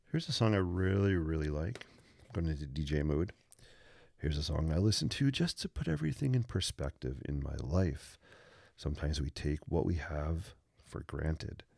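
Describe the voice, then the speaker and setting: A man's voice: sits low, big pitch swings, moderate pace, creaky, darkish tone, no room sound, studio quality. A man hosting a live sketching stream, chatting casually and rambling with joking asides as he draws. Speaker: livestream host teaching sketching. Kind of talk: casual live-stream chat while drawing.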